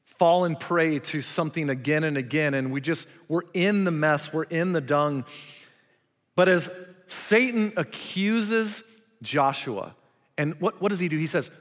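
A pastor delivers a sermon in a slightly high voice, preaching emphatically and firing rhetorical questions at the congregation. The long reverb of a large hall surrounds him.

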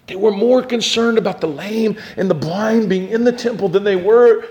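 High-voiced, animated male preacher. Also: moderate pace, few pauses. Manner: animated, swings from loud to hushed; speaks directly to listeners with questions. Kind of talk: sermon.

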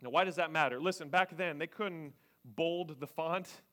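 A man preaching a sermon as pastor, animated, swinging between loud emphasis and hushed near-whispers. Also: fairly high pitch, moderate pace. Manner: acts out voices of people he quotes, joking.

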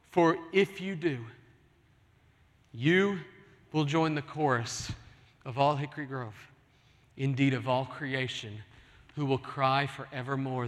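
In a large church, a man preaching as pastor pleads earnestly with his congregation. He speaks slowly at a medium pitch, leaving long pauses, and the recording carries long hall reverb.

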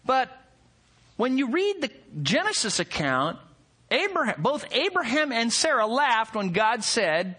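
A man preaching a teaching sermon in a bright, ringing voice that climbs and falls a great deal. He leans hard on key words and keeps throwing questions out to his listeners. His delivery is emphatic and animated. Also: extremely high pitch, unhurried, slightly rough. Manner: emphatic, asks the audience rhetorical questions. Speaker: pastor. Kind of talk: expository sermon.

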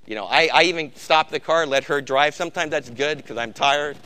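A middle-aged male pastor delivering a sermon, swinging from loud emphatic bursts to quiet, intense stretches. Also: on the high side, brisk, a little hiss or hum.

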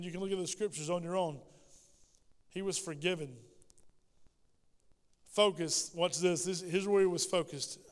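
A high, smooth male voice preaches in a church, switching into little acted voices for the prayers he quotes. His words ring out with a long hall reverb behind them. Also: darkish tone. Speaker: pastor. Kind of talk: sermon. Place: church sanctuary.

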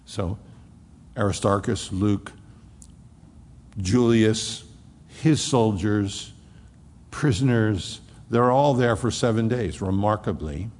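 A man's voice: fairly low pitch, slow, pauses often, darkish tone, big-room sound, slight background noise. A man preaching a sermon, retelling scripture in a folksy, storytelling way with casual asides.

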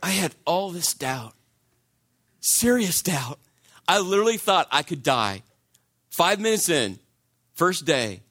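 A man's voice: fairly high pitch, sing-song, takes it slowly, pauses often, bright, forceful tone. Male preacher, storytelling sermon, conversational, repeats phrases for emphasis.

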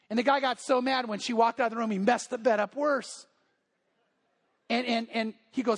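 A man's voice: very high-pitched, moderate pace, slightly rough. A man, a pastor, preaching a sermon in a church service, telling a story in a casual way with repeated words and acting out the voices of the people in it. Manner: storytelling, acts out quoted voices.

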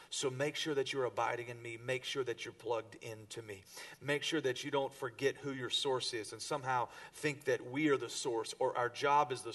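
A man preaching a sermon to his congregation, rising to stress a point and then dropping low. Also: recorded from a distance. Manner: preaching to a congregation, with emphatic rises and soft drops. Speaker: pastor.

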